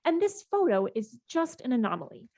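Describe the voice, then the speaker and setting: A woman's voice: on the high side, expressive, unhurried, dry recording, studio quality. A woman voicing a huffy, defensive male debunker in a bathrobe during a tabletop game.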